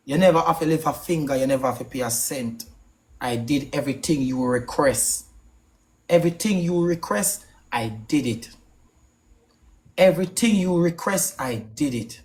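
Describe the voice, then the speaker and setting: A man's voice: fairly high pitch, darkish tone. A man with a Jamaican accent on a live stream, ranting hard, swearing often and repeating himself for emphasis. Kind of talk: heated live-stream rant.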